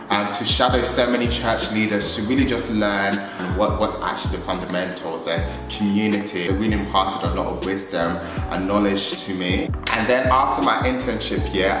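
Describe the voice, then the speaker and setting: Guy in his 20s, kinda low voice, animated storytelling, super echoey room, music playing behind. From England. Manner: animated, acts out his own reactions with sudden shouting. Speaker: church leader. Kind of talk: storytelling vlog.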